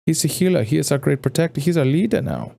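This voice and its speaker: A man's voice: fairly high pitch, lively intonation, fast talker, gravelly, dark tone, pitched above the performer's own voice. A man voicing a sinister, manipulative male spirit who has taken over someone's body and talks in a silky, menacing way. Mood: scheming.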